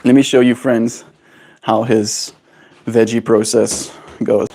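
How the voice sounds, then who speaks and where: A man's voice: mid-range voice, level tone, slow pace, vocal fry, mellow, slight background noise. A man streaming casual chat while cooing affectionate baby talk to his pet bird at home.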